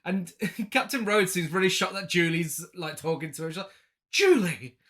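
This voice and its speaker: A man's voice: sits high, fairly quick, sharp tone. A man co-hosting a podcast, recapping a film's plot with frequent laughs and dry asides. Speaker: podcast co-host. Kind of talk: casual film review chat.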